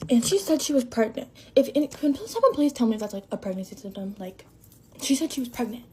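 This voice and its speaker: A young woman telling a casual storytime about a rough shift at a drive-thru, rambling and filling her talk with "like". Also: fairly high pitch, animated, fast, darkish tone. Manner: chatty, rambling, lots of "like", shaken.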